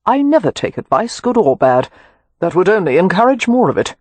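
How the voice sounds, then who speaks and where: An audiobook narrator voicing a flippant young aristocrat who talks in glib, teasing quips. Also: male voice, sits high, big pitch swings, fairly quick, a little mellow, no room sound, voice pushed up.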